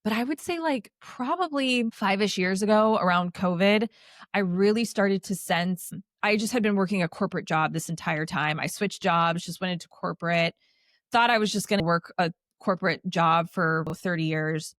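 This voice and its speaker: A woman in her thirties speaks as a podcast guest in a middle-pitched voice, casual and animated, filling her sentences with "like." She slips into sarcastic asides as she talks. The close mic sounds dry, with no room echo. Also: normal speed. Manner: chatty, heavy use of "like", animated with sarcastic asides. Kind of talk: casual conversational storytelling.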